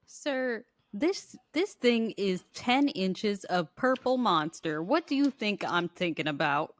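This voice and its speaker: A woman co-hosting a podcast, telling a funny story in lively casual chat, swearing freely. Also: mid-range voice, a little slow, dry recording, studio quality. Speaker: podcast co-host.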